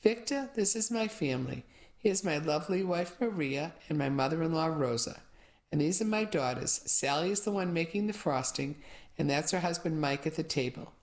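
A woman's voice: deep voice, lively intonation, moderate pace, darkish tone. A woman voicing a proud, self-absorbed middle-aged father who talks in a hearty, showy way. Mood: beaming.

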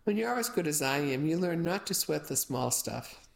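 A self-assured middle-aged father, as a woman puts him on, boastful and breezy, brushing off trouble with a shrug. A gravelly grain runs through the voice. He is the lovable braggart of a family story. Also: low voice, animated, moderate pace.

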